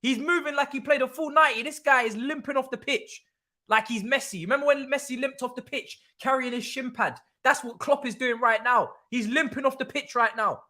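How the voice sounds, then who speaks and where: A young man hosting a live football watch-along, talking excitably, repeating himself and swearing freely. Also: very high voice, a little fast. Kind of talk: live stream reaction commentary.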